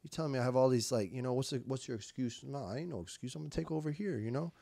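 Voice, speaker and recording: A man's voice: mid-range voice, racing, gravelly, mellow, no room sound. Emphatic man telling his recovery story. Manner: emphatic, repeats words, quotes himself and others; swearing street slang. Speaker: podcast guest. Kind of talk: candid recovery story in conversation.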